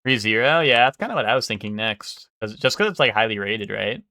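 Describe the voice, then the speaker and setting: Bright-voiced young man streaming. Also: fairly low pitch, lively intonation, brisk, dry recording, clean studio sound. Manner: casual, swearing, thinking aloud while guessing. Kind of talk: casual live-stream commentary.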